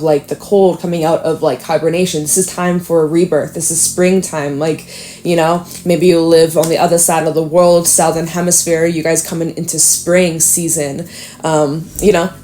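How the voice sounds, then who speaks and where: A young woman with a fairly low voice talks through a tarot reading in a relaxed, chatty way. She uses lots of fillers and now and then breaks into high, dramatic little impressions. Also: slight background noise. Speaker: tarot reader. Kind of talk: casual tarot reading monologue.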